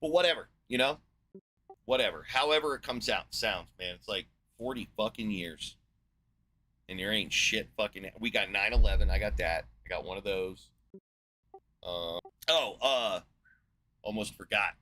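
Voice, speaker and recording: A man's voice: fairly low pitch, moderate pace, sharp tone. A man in his forties from the United States, ranting in a sarcastic, profane monologue as a podcast host. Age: 40s.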